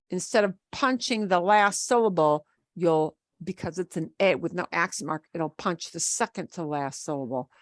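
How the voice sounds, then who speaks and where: A woman teaches a language class at an unhurried, measured pace. She explains patiently and casually, often repeating points and spelling words out letter by letter. Her voice sits at a middle pitch and is recorded close and dry, with no room sound. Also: dry recording. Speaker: Spanish teacher. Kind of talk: online class lecture.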